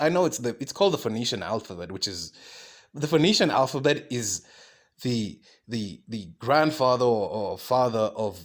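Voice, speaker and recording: A man hosting his own podcast, talking alone in a rambling monologue, swearing often, restarting sentences and asking "right?" as he goes. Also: on the low side. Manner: swearing, many fillers and restarts, asks "right?". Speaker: podcast host.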